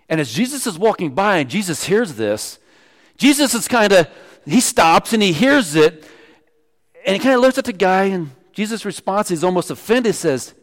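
Animated preaching man in a reverberant hall. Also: fairly quick. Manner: animated preaching with wide swings in pitch and loudness, dropping to quiet punchlines. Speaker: pastor. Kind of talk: sermon.

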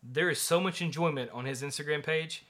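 A man's voice: a little high, a little fast, bright, forceful tone. A man around thirty, co-hosting a podcast in a rambling, jokey way. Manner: rambling, jokey, laughs often. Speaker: podcast co-host. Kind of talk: casual chat.

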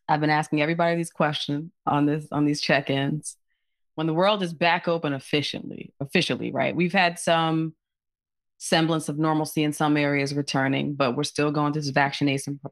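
A woman's voice: deep voice, steady tone, normal speed, no room sound. A woman hosting a casual interview check-in, earnest and reflective as she talks and asks questions. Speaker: host.

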